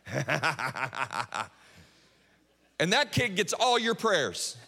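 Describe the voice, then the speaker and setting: A man preaching a sermon, telling stories, sometimes dropping to a hush and then rising to strong emphasis. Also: high-pitched, very animated, slow pace. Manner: storytelling, swings between hushed and emphatic. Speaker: pastor. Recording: long hall reverb.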